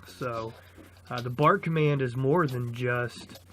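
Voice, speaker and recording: A man's voice: mid-range voice, slow. Give me a man explaining dog training casually, with plenty of filler words, on a noisy outdoor recording. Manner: relaxed, explanatory, frequent fillers and restarts. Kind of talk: casual instructional talk. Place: outdoors on a rainy day during a training session. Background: a puppy barking repeatedly.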